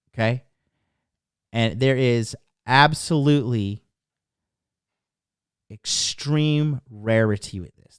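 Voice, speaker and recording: A man's voice: medium pitch, clean tone, no room sound, studio quality. A man in his thirties hosting a podcast, talking in a brash, profane, emphatic monologue. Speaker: podcast host.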